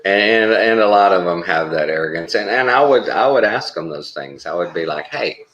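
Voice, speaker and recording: A middle-aged man with a very low voice tells rambling, laid-back stories in casual chat. He drawls easily and swears offhandedly. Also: lively intonation, normal speed, fairly bright tone, highs cut off. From Texas. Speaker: traveling surgical tech.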